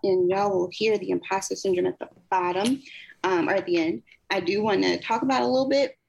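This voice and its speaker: A woman poet talking candidly and laughing easily, then reading her poem slowly in African American Vernacular English. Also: mid-range voice, creaky, a little mellow, husky. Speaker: poet and guest. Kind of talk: casual conversation and poetry reading. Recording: dull lo-fi sound.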